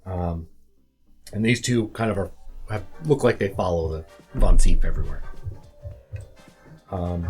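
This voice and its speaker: A man's voice: low-pitched, unhurried, long pauses, a little mellow, soft background music, poor audio. A man narrating a tabletop game, hesitant and full of fillers.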